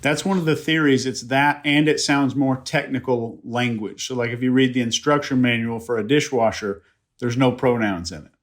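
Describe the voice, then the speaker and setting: A man on a panel who explains behavior cues in a measured way, leaning on research. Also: mid-range voice. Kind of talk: panel discussion.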